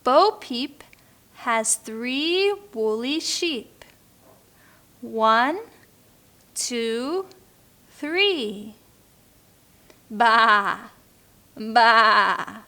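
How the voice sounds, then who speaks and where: A woman teacher reading a picture book aloud slowly and clearly for beginner learners, now and then making playful animal sounds. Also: high voice, expressive, a bit bright.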